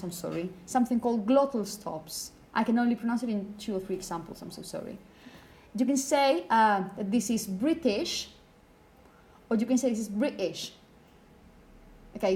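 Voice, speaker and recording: A woman's voice: on the high side, darkish tone. Chatty woman teacher in a classroom. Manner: chatty, apologetic, asks the class questions. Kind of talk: classroom lecture.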